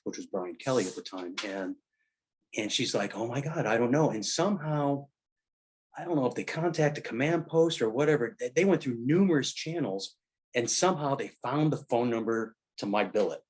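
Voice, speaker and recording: In a mid-range voice, a middle-aged man who served in the military spins rambling anecdotes during relaxed conversation. His storytelling stops and restarts, padded with fillers.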